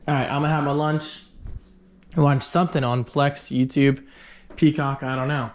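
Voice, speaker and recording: A man's voice: mid-range voice, flat delivery, normal speed. A man talking casually to camera as a vlogger, rambling and joking about his day. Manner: rambling, chatty, self-joking. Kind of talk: casual vlog chat.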